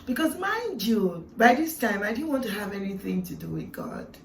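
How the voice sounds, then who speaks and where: A woman sharing a heartfelt personal testimony in an earnest, reflective way, with swells of emotion and hushed moments. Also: medium pitch, very animated, moderate pace, creaky, a little hiss or hum. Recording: roomy, echoey sound from a distant mic.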